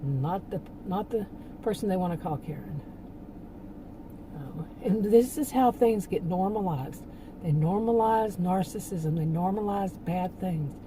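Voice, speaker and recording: A woman's voice: lowish voice, unhurried, background noise. A woman talking casually in a rambling monologue, laughing often and restarting her sentences. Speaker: channel host.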